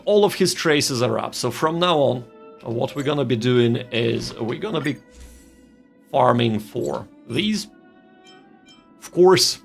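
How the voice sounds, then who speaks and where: A man's voice: mid-range voice, vocal fry. A man streaming a game and commenting casually, thinking aloud, repeating phrases and reading game text.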